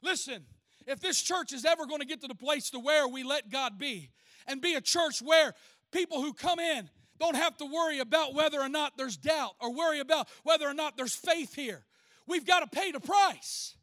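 With a bright, forceful voice pitched unusually high for a man, a pastor preaches at a normal speed, playfully teasing listeners with everyday tales before shifting to a serious tone. It's a sermon recorded close and dry, free of room echo.

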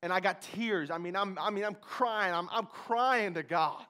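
A man with a fairly high voice giving a spoken testimony, intense and emotionally charged. He repeats phrases for emphasis and swings from loud urgency to hushed, low moments. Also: moderate pace, smooth. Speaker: speaker giving a personal testimony.

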